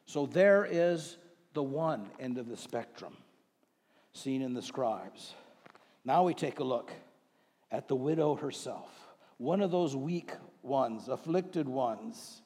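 A man's voice: mid-range voice, lively intonation, slow pace, a little mellow, husky. A man preaching a sermon in a conversational way, asking the congregation questions and rising into emphatic bursts. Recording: long reverb of a large hall.

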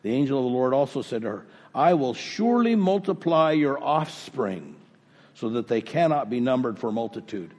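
A man preaches a sermon in a church sanctuary, reading scripture aloud and building emphasis. His voice is a bit husky, and a long reverb hangs behind it in the big hall. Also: medium pitch, very animated, moderate pace, darkish tone. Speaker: pastor.

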